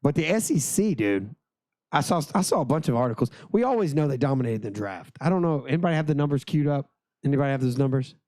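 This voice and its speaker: A hoarse man co-hosting a podcast, chatting about sports in a rambling, crude, jokey way. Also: medium pitch, lively intonation, fast talker, dark tone, no room sound. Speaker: podcast co-host. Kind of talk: casual sports chat.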